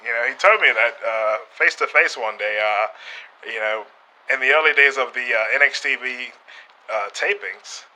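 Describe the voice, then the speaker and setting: A British man talking as a podcast guest, staying in character and speaking haltingly, with many fillers and restarts. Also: medium pitch, sharp tone, low-quality recording.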